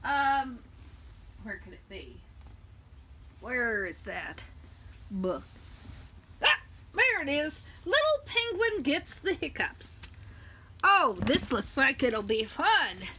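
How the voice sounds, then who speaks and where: A woman reading a picture book to young children, talking slowly and directly to them, recorded on a phone camera. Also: a little high, sing-song, background noise. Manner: slow, sing-song, speaks directly to young children. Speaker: children's storyteller.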